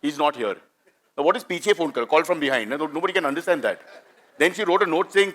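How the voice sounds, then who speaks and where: Middle-aged indian guy doing standup, talks super quick, kinda high voice, chatty and pokes at the crowd. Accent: Indian English. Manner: animated, chatty, teases the audience. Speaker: stand-up comedian. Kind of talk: live stand-up storytelling.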